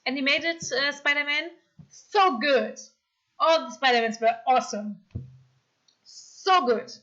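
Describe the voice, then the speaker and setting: A German-accented woman streamer talks at an unhurried pace with a high, bright voice. She reads comments aloud, apologizes a lot and gets excitable. The mic sounds a little dull. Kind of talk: casual live-stream chat.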